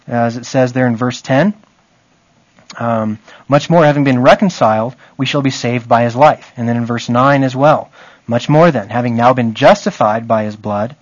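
A man's voice: mid-range voice, no echo, highs cut off. A man teaching a Bible study in a conversational way, often checking in with his listeners.

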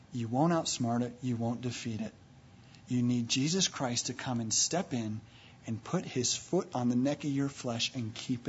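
Male preacher, slightly high and husky, emphatic sermon delivery, muffled lo-fi recording. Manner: emphatic, building from low and quiet to loud and high; retells scripture stories with quoted voices. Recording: dull lo-fi recording.

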